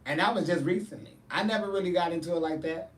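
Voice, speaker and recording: Animated man telling profane stories. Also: high voice, quick pace, echoey room, recorded from a distance. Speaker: drag performer and show host. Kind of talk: casual chat answering viewers.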